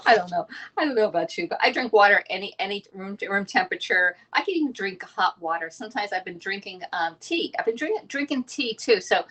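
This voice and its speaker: A fast-talking woman, hosting a casual live cooking stream from her home kitchen and reading viewer comments aloud. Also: mid-range voice, expressive, a bit bright, slightly rough. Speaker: livestream cooking host.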